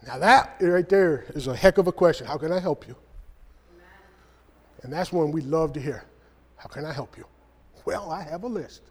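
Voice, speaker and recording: A man's voice: a little high, moderate pace. A man preaching a conversational sermon, reading scripture and acting out the quoted voices. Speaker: speaker. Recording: long hall reverb.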